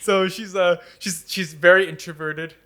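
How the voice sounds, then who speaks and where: A man in his twenties co-hosting a casual chat, telling family stories with animated, dramatizing flair and frequent laughter. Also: high-pitched, normal speed. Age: 20s. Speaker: podcast co-host.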